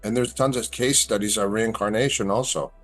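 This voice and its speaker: Brief: middle-aged male guest, low voice, animated storyteller. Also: a little fast, faint music behind. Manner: animated storyteller, acts out quoted lines. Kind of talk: casual storytelling chat.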